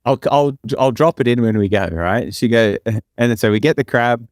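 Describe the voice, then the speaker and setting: A young male podcast co-host tells a casual story in a middle-pitched voice. He rambles, padding his sentences with fillers and checking in with "right?". The sound is dry and close to the mic. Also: moderate pace, darkish tone, no echo.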